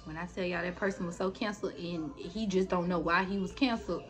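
A woman's voice: on the low side, steady tone, fast talker, a crowd in the background. A woman vlogger telling a story casually and bluntly, with plenty of swearing, and talking straight to her viewers. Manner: blunt, profane, talks straight to her audience.

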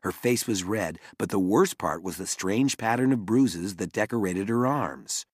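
A man reading a children's novel aloud as an audiobook narrator, in an expressive way. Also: on the low side, measured pace, husky, no echo, studio quality. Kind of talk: scripted narration.

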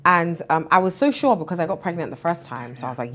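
Woman in her thirties, interview guest; lively, laughs easily, plays out what others said. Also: fairly low pitch, fast talker. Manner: animated, laughs often, acts out quoted voices. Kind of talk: emotional interview storytelling.

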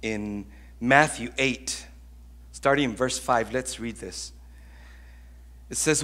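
A man preaching a sermon as pastor, telling stories in an animated, conversational way with acted-out voices. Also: medium pitch, takes it slowly, long pauses. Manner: conversational, with frequent restarts.

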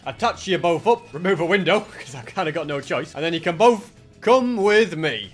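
A young man giving casual gameplay commentary, chatty and excitable, thinking aloud as he plays. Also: a little high. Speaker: gaming channel host.

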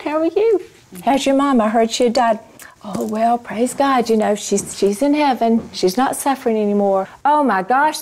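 Expressively recounting her personal testimony of faith, a woman Christian ministry speaker addresses a live audience and puts questions to them along the way. Her voice sits a little high, with a darkish tone.

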